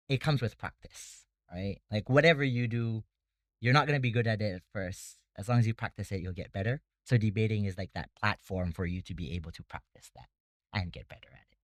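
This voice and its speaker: Man, debate academy founder, interview, low pitch, dry close sound, relaxed, filler-heavy explanations. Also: moderate pace, dry recording. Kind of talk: casual interview talk. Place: Bangkok.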